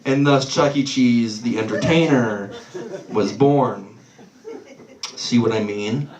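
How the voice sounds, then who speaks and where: Male stand-up comic, slightly high voice, casual and profane, live club sound with echo. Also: normal speed, recorded from a distance. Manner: loose, swearing, loses his place and laughs it off. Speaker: stand-up comedian. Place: small comedy club stage. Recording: roomy club sound from off-mic.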